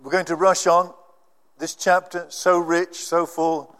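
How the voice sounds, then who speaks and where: A man's voice: sits high, flat delivery, measured pace, a bit bright. A man preaching a sermon, emphatic and swelling on key phrases. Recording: long church reverb.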